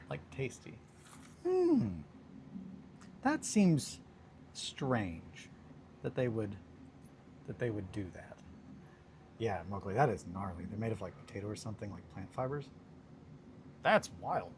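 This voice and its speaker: Laid-back low-voiced man chatting on stream. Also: darkish tone, a little hiss or hum. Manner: laid-back, joking, reads chat aloud. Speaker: streamer chatting with viewers while crafting. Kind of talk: casual livestream chat.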